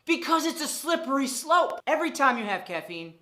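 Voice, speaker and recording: Brief: woman vlogger in her thirties, bright forceful voice, lively pitch, blunt and profane, hammers points with repetition. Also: fairly quick. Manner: animated, profane, emphatic repetition. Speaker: fitness vlogger. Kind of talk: casual vlog monologue.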